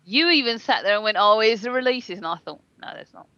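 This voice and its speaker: A woman's voice: mid-range voice, animated, fast, sharp tone, no echo, dull audio. A woman from South East London with that accent, co-hosting an internet radio show, giggly and teasing. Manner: giggly, self-conscious, teasing. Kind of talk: casual internet radio chat.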